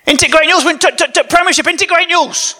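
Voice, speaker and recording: A man putting on a generic northern English accent to voice an excited male football fan who keeps repeating himself. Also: very high voice, quick pace, pitched above the performer's own voice, full character voice. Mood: elated. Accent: generic northern English, put on.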